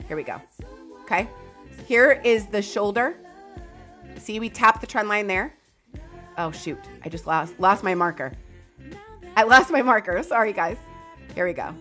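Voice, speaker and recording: An excitable, loud woman, hosting a live chart analysis stream and talking to viewers by name. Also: mid-range voice, a little slow, long pauses, faint music behind. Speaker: crypto market streamer.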